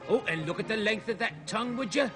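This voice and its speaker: A man's voice: sits high, lively intonation, fast. An actor playing a jolly male explorer narrating his animal film, chatty and marvelling as he talks to the lizards. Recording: music playing under old TV film.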